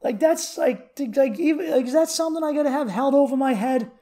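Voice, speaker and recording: A man's voice: extremely high pitch, a little fast. Profane, rambling comedic podcast man. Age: 30s. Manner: profane, rambling, animated storytelling. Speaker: podcast host. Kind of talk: comedic solo podcast rant.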